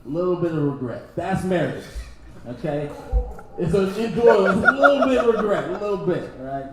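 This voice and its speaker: A young adult man from Texas doing a loose, laughing stand-up set that keeps jumping into loud impressions. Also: high voice, expressive, normal speed. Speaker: stand-up comedian. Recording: very echoey room, faint noise.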